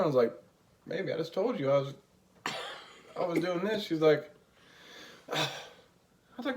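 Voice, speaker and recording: A man's voice: fairly high pitch, lively intonation, normal speed, pauses often. A man chatting casually with his partner, telling jokey stories and mimicking her voice. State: tired. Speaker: co-host. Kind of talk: casual chat.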